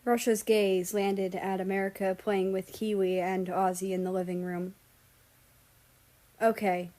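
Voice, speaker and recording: A woman's voice: medium pitch, little pitch movement, normal speed, warm tone. Woman reading a story aloud steadily. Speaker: story reader. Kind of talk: audiobook narration of fan fiction.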